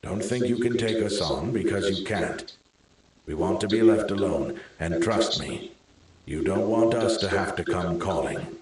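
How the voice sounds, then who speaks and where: A man voicing a stern leader who softly warns rivals to stay away, in a storybook reading. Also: deep voice, unhurried, slight background noise. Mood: cold warning. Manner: quiet, threatening. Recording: very echoey room.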